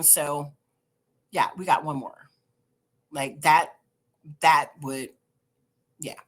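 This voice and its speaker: A woman hosting a show, reading online posts aloud and reacting with animated, sassy commentary. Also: sits low, extremely slow, long pauses. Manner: animated, sassy commentary with sudden loud outbursts. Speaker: host.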